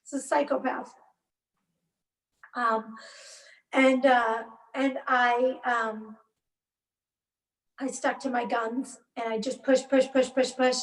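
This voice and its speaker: A woman in her forties telling her own story as an interview guest, emotionally charged and halting, with bursts of anger. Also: fairly high pitch, level tone. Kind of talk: personal account in a podcast interview. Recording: roomy, distant mic.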